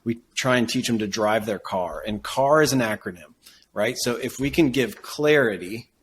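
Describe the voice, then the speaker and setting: A man speaking as a guest on an interview, explaining ideas in a measured teaching manner. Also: mid-range voice, lively intonation, slightly rough. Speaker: guest, business coach. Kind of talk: casual interview conversation.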